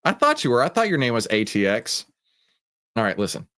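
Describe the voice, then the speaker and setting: A man's voice: medium pitch, huge pitch swings, brisk, pushed and bright. A man with a Texan accent hosting a live stream, chatting casually and joking as he greets viewers by name. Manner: laid-back, jokey, greeting chat viewers by name. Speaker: livestream host.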